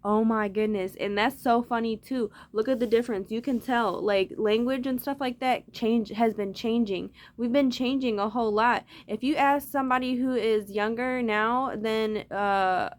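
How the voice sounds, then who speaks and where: A woman's voice: on the high side, moderate pace, hardly any pauses. A woman talking straight to her viewers in a loose, rambling monologue, swearing freely as she goes. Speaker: vlogger.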